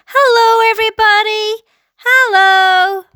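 A woman's voice: sits high, sing-song, measured pace, a bit bright, no echo, studio quality, exaggerated voice. A woman voicing a cheerful, friendly small boy in a storybook reading, speaking earnestly and in a sing-song way. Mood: joyful.

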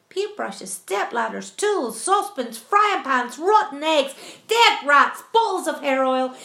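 A woman reading a children's story aloud with expressive, animated narration. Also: high voice. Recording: roomy echo.

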